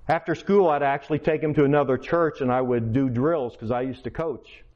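A man, a teacher, tells a personal testimony as a preacher, in an animated, conversational way and acting out quotes, in a slightly dull lo-fi recording. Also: medium pitch, a little fast. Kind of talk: testimony storytelling to a congregation.

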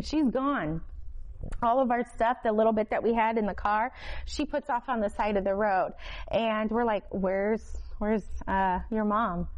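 A woman from Florida tells her testimony to a church congregation in a heartfelt, halting way. She stumbles over fillers and restarts her sentences as she goes. Her voice sits at an ordinary middle pitch. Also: darkish tone, poor audio. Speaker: testimony speaker.

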